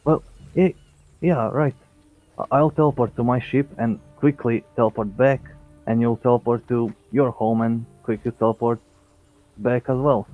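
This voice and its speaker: During casual tabletop play, a male player speaks haltingly and fills gaps with lots of filler words. He has a medium-pitched voice with fairly even intonation and a moderate pace. The audio comes through a tinny, phone-like line with faint music behind it.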